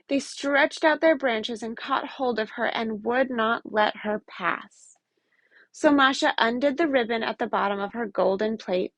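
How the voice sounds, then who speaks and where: A woman reads a folk tale aloud with lively, expressive storytelling. Her voice sits a little high and is recorded close and dry. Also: no echo.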